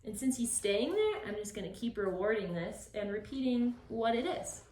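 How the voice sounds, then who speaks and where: A woman dog trainer explaining a puppy session, switching between calm explanation and high, bright praise for the dog. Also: moderate pace, slight background noise. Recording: echoey, from a distance.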